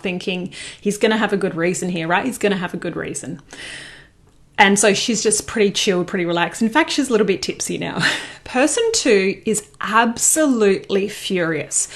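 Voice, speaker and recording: A woman giving a casual motivational talk, conversational and repetitive, often checking in with "right?". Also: mid-range voice. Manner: conversational, repeats herself, frequent "right?". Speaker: motivational speaker.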